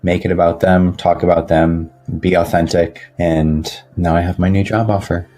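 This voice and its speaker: Guy with a really low flat voice doing a sincere video testimonial, faint music under it. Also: moderate pace. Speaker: former client giving a testimonial.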